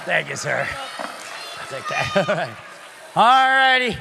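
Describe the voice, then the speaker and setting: A man doing comic magic-show patter for children, playful and teasing, calling loudly out to a live audience. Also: high-pitched, big pitch swings, a little slow, creaky, pauses often, noisy background. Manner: playful, teasing, loud, calls out to the crowd. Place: synagogue sanctuary in front of a live audience.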